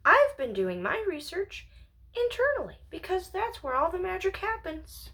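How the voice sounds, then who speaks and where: Woman rambling to herself at home, high voice, bouncy pitch, slips into whispers. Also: sing-song, normal speed, a bit bright. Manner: musing, drifts into whispers and giggles. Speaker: channel owner. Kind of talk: rambling philosophical monologue.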